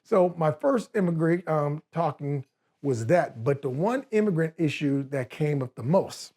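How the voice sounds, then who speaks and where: Give me an older man with a Northern California accent, telling lively stories in a casual interview and laughing as he goes. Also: unhurried. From United States. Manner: animated, laughing storyteller, voices his younger self in high pitch. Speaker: guest.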